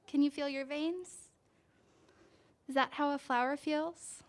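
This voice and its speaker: A woman reading a picture book aloud to children at a church service, gently asking them questions as she goes. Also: sits high, fairly even intonation, a little slow, long pauses. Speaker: children's story reader.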